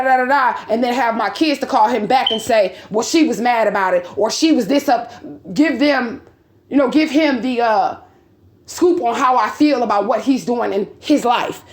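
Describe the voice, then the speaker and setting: A woman's voice: fairly high pitch, echoey room. A woman in her forties telling a story to her viewers and reading out messages, blunt and heated, swearing and asking repeated rhetorical questions. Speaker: vlogger.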